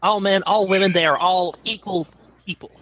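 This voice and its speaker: A man's voice: sits high, steady tone, moderate pace, a bit bright, voice pushed up. A man voicing an earnest, simple young man with big dreams, in an unstable put-on Western accent. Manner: earnest speechifying.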